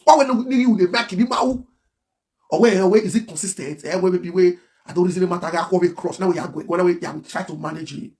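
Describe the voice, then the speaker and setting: A man's voice: high voice, brisk, a little mellow. A man with a Nigerian Pidgin accent ranting on a livestream, emphatic and repetitive. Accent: Nigerian Pidgin English. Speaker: blogger. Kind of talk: livestream rant.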